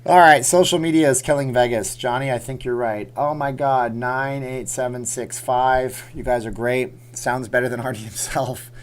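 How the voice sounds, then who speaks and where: A man's voice: mid-range voice, fairly even intonation, normal speed, hardly any pauses. A man hosting a casual livestream, reading out viewer names and chatting loosely with a joking tone. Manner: chatty, reads viewer names aloud, jokey. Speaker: livestream host.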